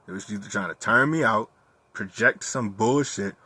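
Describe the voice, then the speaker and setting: Bright-voiced young man, candid and profane. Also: lowish voice, normal speed, slightly rough, no echo. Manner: candid, profane, animated storytelling. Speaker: vlogger. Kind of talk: casual personal monologue.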